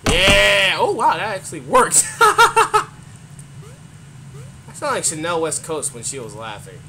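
A young man giving loud, profane commentary while playing a video game, yelling at enemies. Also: fairly high pitch, lively intonation, normal speed, crowd noise. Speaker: gaming YouTuber. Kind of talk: gameplay commentary. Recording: loud background game noise.

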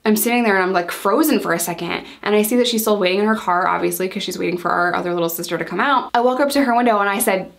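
A woman in her thirties telling a personal story in a chatty, exasperated way, quoting herself and others in quick bursts. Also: mid-range voice. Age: 30s. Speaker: storytime vlogger. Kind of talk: casual storytelling.

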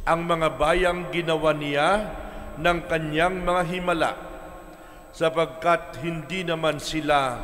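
A Filipino man preaches a homily at a fairly high pitch and takes his time over each phrase. He leaves long pauses between his points. His voice rings out with the long reverb of a church. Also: fairly bright tone. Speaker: priest.

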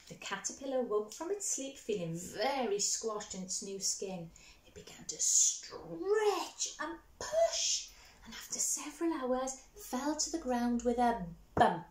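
A woman reading a picture book aloud for children, animated and asking her young listeners questions. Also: a little high, roomy sound, a little hiss or hum. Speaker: storyteller for children.

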